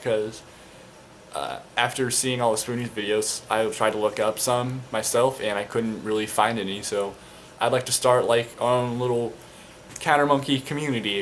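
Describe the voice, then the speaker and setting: A man's voice: mid-range voice, slight background noise. Rambling young man telling a game story. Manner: rambling, many fillers and crude slang. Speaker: storyteller, fan video maker. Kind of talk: casual storytelling about a tabletop game.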